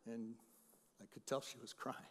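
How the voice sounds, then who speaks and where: A middle-aged man preaches, at times rising to loud emphasis, then dropping into hushed personal stories. His pitch sits in an ordinary middle range. The sound carries a long reverb from the sanctuary. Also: flat delivery, normal speed. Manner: swings from loud emphatic preaching to quiet storytelling. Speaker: pastor. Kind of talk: sermon. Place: church sanctuary.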